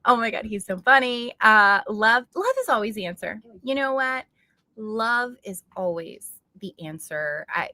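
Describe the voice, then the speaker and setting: A woman's voice: mid-range voice, bright, forceful tone. A woman hosting a casual livestream, earnest and affirming as she reflects and thanks her viewers. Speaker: livestream host. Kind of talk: casual live chat reading comments.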